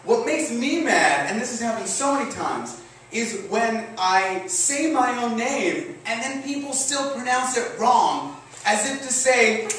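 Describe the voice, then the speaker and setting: A man's voice: very high voice, unhurried, a little hiss or hum. A man from Mexico with a Mexican accent, telling a self-mocking story on a comedy stage. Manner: animated, self-mocking, laughs at own jokes. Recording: echoey stage recording from a distance, faint ambience.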